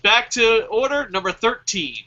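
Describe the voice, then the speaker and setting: Animated, profane man hosting a draft. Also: extremely high pitch, moderate pace, lo-fi sound. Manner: animated, profane, laughs often at his own jokes. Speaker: host of a fantasy wrestling draft show. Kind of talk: casual profane chat.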